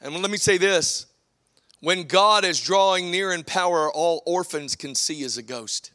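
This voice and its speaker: A man preaching a sermon, impassioned, swinging from shouts to hushed, drawn-out phrases. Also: high voice. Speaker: pastor.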